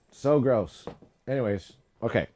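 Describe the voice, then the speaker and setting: A man streams from his home studio while making music, chatting casually in a rambling way and joking at his own expense, even repeating tongue twisters. His mid-range voice has a darkish tone, lively intonation and a slow pace.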